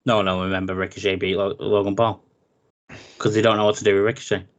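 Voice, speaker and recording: A man's voice: fairly low pitch, quick pace, highs cut off. Chatty man running through a match card. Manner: animated, jokey, runs through the match card. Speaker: podcast co-host. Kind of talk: casual wrestling chat.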